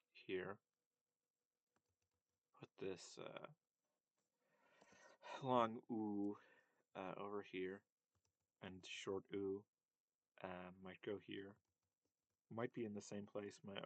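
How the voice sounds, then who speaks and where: A man's voice: sits low, dry recording. A man giving a casual linguistics lesson, hesitant and full of fillers and self-corrections. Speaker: language teacher.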